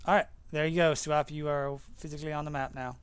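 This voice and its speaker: A man running an online tabletop game as game master, talking casually and halting with fillers. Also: fairly high pitch, level tone, smooth.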